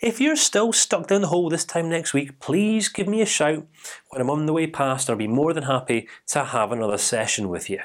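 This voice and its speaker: A man putting on a brisk, polite lady counsellor. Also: fairly high pitch, lively intonation, natural voice. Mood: polite, detached. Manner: polite, businesslike, detached. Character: brisk woman therapeutic counsellor.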